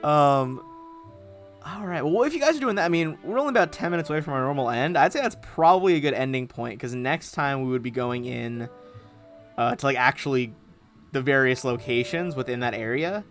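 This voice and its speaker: A man's voice: medium pitch, fairly quick, soft background music. Laid-back man running a tabletop game. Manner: laughs often, casual and relaxed. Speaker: game master.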